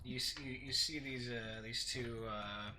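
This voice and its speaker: A man narrating a tabletop game as game master, halting and full of restarts. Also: mid-range voice, steady tone, very noisy. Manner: halting, many fillers and restarts.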